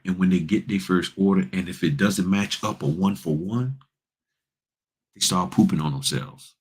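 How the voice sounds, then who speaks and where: A man's voice: sits low, moderate pace, breathy edge. A man hosting a casual livestream, giving blunt, folksy advice and addressing viewers as y'all. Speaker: notary public and livestream host.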